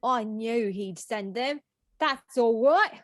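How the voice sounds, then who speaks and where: A sharp-tongued mistress of a house gives orders in a slow, measured way, read by a woman. The sound is dry and close. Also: on the high side, animated, no echo. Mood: imperious. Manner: imperious, scolding. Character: bossy middle-aged mistress of a house. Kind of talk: script read-through.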